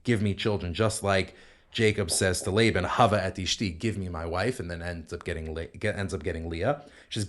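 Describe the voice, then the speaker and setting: A man with a fairly low voice leads a podcast Bible study as a rabbi. He walks through verses step by step and quotes Hebrew lines. His speech is full of restarts and asides. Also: fairly even intonation, brisk. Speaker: rabbi co-host explaining scripture.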